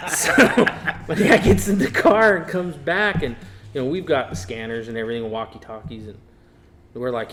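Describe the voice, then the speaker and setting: A man, guest on a podcast, casually telling a lively story and acting out quotes. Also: fairly high pitch, moderate pace, a little hiss or hum. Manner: animated storyteller, acts out quotes. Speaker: guest, race car builder. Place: podcast studio.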